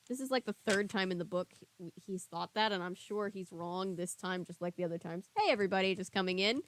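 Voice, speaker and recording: A woman's voice: mid-range voice, fairly quick, few pauses, a little hiss or hum. A young woman with a Southern US accent reading a children's book aloud on a stream, stopping to chat casually with viewers. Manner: reads the book, then chats casually with viewers.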